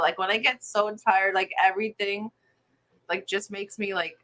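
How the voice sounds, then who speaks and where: A woman's voice: mid-range voice, fairly even intonation, moderate pace, sharp tone, low-quality recording. A woman hosting a casual morning livestream, giggling often as she greets viewers and chats with her co-host.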